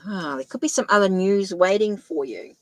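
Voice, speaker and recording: A woman's voice: mid-range voice, animated, normal speed, poor audio. A woman with a New Zealand accent giving a live-stream tarot reading, thinking aloud and correcting herself as she goes. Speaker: tarot reader.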